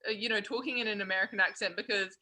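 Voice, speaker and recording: A young Australian woman talks in a casual interview, laughing now and then between thoughts. Her voice is bright and sits at a middle pitch. It comes through a video call. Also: fairly even intonation, rapid-fire. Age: young adult. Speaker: college basketball player.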